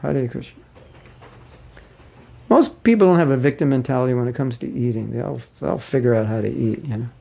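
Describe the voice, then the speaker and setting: A man's voice: mid-range voice, a little fast, creaky, pauses often, mellow. A man giving an informal spiritual class, chuckling as he talks and acting out the voices of people he quotes.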